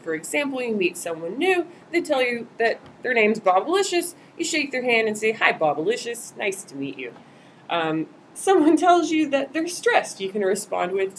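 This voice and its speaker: A woman's voice: mid-range voice, a little hiss or hum, low-quality recording. A woman volunteer trainer giving a casual live-streamed training talk, acting out example quotes as she goes.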